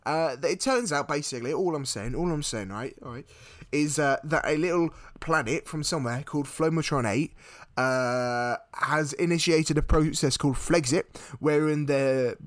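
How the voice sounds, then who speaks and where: A man co-hosting a podcast, telling a rambling comedic story in an animated, jokey way. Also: on the high side, normal speed, dry recording. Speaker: podcast co-host.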